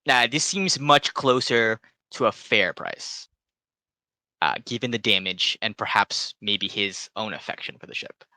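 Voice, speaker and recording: A man's voice: lowish voice, unhurried, pushed and bright, dry recording. A man narrating a tabletop game as game master, loose and rambling with lots of fillers.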